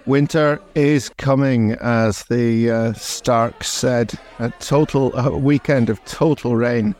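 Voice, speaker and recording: A man's voice: mid-range voice, fairly even intonation, slow, darkish tone. A man co-hosting a comedy podcast, rambling and swearing cheerfully in casual chat. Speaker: podcast co-host.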